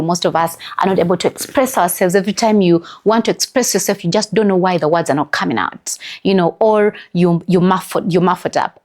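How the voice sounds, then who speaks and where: A woman's voice: mid-range voice, darkish tone. A middle-aged Ugandan woman with a Ugandan English accent, giving an earnest, emphatic motivational wellness talk as host, with many "you know" fillers.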